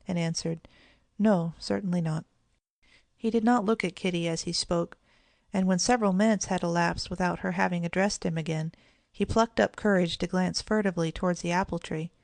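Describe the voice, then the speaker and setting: A woman narrating a children's storybook in a gentle, even storytelling manner. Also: on the low side, gravelly, no room sound. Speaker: audiobook narrator.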